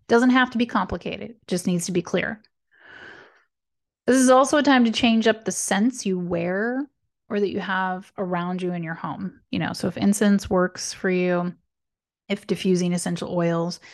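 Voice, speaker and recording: A woman's voice: mid-range voice, unhurried, creaky. A woman hosting an astrology podcast in a casual solo monologue, chatty, often checking in with "right?" and laughing lightly as she goes. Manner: chatty, tags lines with "right?" and "okay?".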